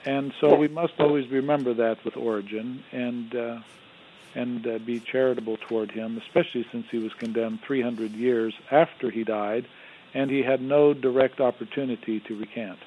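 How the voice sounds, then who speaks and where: Guy explaining theology on call-in radio, steady and measured, mid pitch, sounds like a phone line. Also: a little hiss or hum. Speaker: Orthodox theologian guest.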